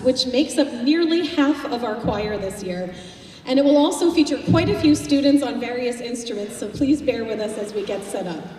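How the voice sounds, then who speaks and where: A woman leads a school concert and talks to the crowd about the next piece in a chatty, storytelling way. Her voice sits a little high. She is picked up from far off in a big auditorium with a long, ringing echo. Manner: chatty, warm-hearted, anecdotal. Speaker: high school choir director. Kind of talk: concert announcement to an audience. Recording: distant, echoey hall with faint noise.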